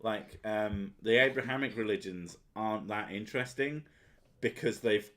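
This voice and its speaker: A man's voice: on the low side, normal speed, fairly bright tone. A man hosting a casual chat, sweary and sardonic, often laughing at his own jokes. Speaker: podcast host.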